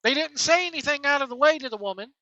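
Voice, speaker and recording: Host on a rant: bright, forceful voice, blunt and scornful, trading insults. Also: sits high, lively intonation, quick pace, no echo, dull audio. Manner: blunt, scornful, name-calling. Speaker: wrestling commentary host. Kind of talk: opinionated rant.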